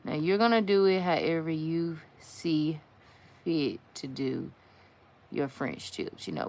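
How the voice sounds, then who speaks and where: A low-pitched woman talks slowly and easily through a nail art tutorial. She chats to her viewers in a slangy, casual way and sometimes sinks to a near whisper as she focuses on the detail work. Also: darkish tone. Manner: chatty, slangy, talks to viewers while working; drops to a whisper while concentrating.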